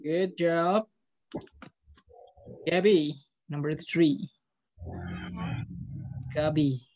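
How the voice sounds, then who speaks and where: A man's voice: fairly high pitch, fairly even intonation, very slow, a little mellow, muffled recording. A man with an Indonesian accent teaching an English class over a video call, patiently calling on pupils and explaining grammar step by step. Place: online meeting from home.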